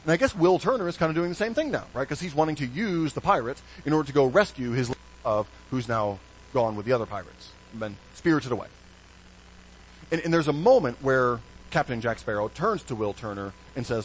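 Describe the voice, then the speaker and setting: Man preaching a sermon, really lively up and down voice, goes quiet and low on key words, light hum in back. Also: fairly quick, low-quality recording. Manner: animated, swings between hushed stresses and bright emphasis. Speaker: pastor.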